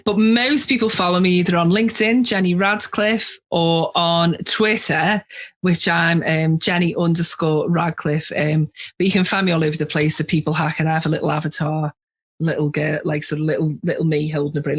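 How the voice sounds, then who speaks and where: A woman's voice: sits low, husky. A woman, a guest expert chatting casually in an interview and laughing easily. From England. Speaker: guest, social engineering expert.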